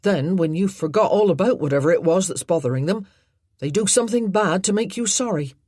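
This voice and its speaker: A blunt young country lad, loyal and stubborn, with plain rough grammar and a lively, rising voice, played by a woman reading aloud. The sound is husky and close. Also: lowish voice, brisk, no room sound, voice pushed up. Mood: explaining.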